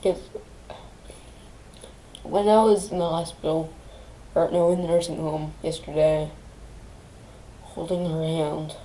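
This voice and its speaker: A grieving woman on her vlog, near tears, speaking in halting phrases that restart and trail off. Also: low-pitched, warm tone, slight background noise, poor audio. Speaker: channel host.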